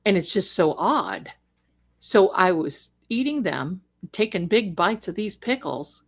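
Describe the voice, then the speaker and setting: A woman's voice: mid-range voice, very animated, measured pace. A middle-aged woman who grew up in Germany, chatting casually and rambling as she answers viewers during a livestream. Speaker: livestream host.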